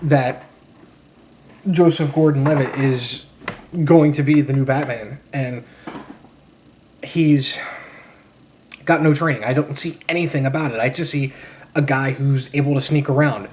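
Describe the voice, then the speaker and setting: A man's voice: medium pitch, steady tone, unhurried, pauses often, darkish tone, a little hiss or hum. A young man ranting casually about a film, blunt and sarcastic, swearing freely with many fillers and restarts. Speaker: vlogger reviewing a film. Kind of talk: casual rant.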